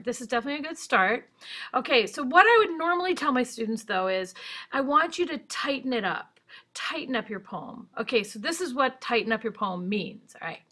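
A woman's voice: on the high side, bright, forceful tone. A woman teacher giving a chatty, upbeat writing lesson over a screen recording, thinking aloud as she goes.

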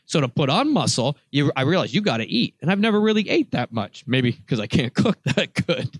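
A man hosting a podcast, telling stories in a casual, animated, self-mocking way and laughing often. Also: a little high, a little fast, husky, no room sound. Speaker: podcast host. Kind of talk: casual chat.

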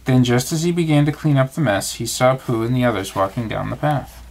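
A man's voice: mid-range voice, fairly quick, vocal fry. Man reading a bedtime story. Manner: calm, expressive storytelling. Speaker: father reading aloud.

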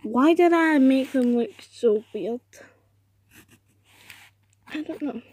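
A woman's voice: sits high, slow, a little mellow, breathy edge. A young woman chatting casually while drawing, rambling and making fun of herself. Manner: chatty, self-deprecating, rambling. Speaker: vlogger.

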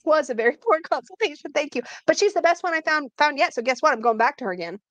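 A woman co-hosting a livestream, chatting in an excitable way with frequent laughs. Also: high-pitched, fast, no room sound. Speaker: co-host. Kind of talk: casual livestream chat.

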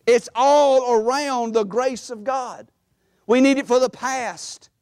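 A man's voice: very high-pitched, slow pace, a little mellow, clear, resonant tone, no room sound, studio quality. A man preaching a sermon as pastor in a church, building emphasis through repetition.

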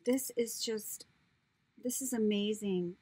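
A woman's voice: mid-range voice, slow pace, warm tone, low-quality recording. A woman gushing over craft supplies she received in the mail, gasping and often dropping into a whisper as she talks. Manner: gushing, breathy gasps, drops into whispers. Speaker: crafter opening happy mail. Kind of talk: casual unboxing chat.

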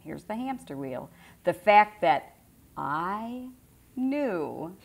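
A woman's voice: fairly low pitch, very animated, very slow, vocal fry. A middle-aged woman giving an informal spiritual teaching to a group, conversational and repeating phrases for emphasis.

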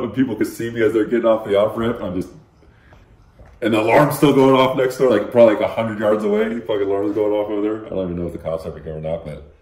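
Casting note: deep-voiced male guest, casual and profane, lots of "like", echoey room. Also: a little mellow. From Los Angeles. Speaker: graffiti artist guest. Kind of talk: casual storytelling interview.

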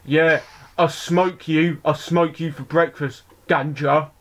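A man's voice: a little high, steady tone, slow. A man playing a cocky young wannabe tough guy with a Southern English accent, boasting and trash-talking in game voice chat. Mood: swaggering. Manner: boastful, swaggering, drops bruv and innit constantly.

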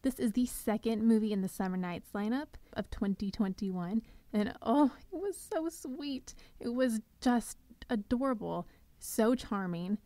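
Young woman podcast host, enthusiastic and gushing, warm mellow tone. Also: a little high, animated, unhurried, no room sound. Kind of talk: scripted podcast recap monologue.

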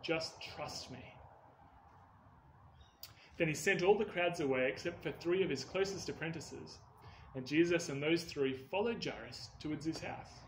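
A man tells a children's story in an earnest, expressive way, his voice sitting a little high. The room echoes noticeably, with a faint hiss of ambience behind him. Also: normal speed. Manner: earnest, expressive rises on key words.

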